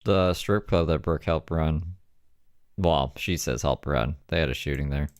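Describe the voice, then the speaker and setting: A man's voice: very deep voice, unhurried, clear, resonant tone, no room sound, studio quality. A man hosting a commentary show, reacting to a stream with sarcastic, mocking, profane remarks. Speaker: commentary host.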